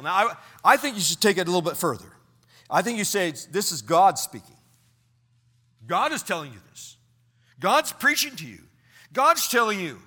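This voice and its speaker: A man preaching a sermon, swinging from loud exhortation to near-whispered asides. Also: high voice, in a large hall. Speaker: pastor.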